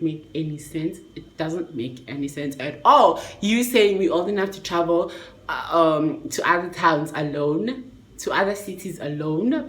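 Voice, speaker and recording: A young South African woman telling a storytime vlog in a lively way, acting out the people she quotes. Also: echoey room. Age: young adult. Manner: animated, acts out quoted people in a high voice. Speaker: vlogger.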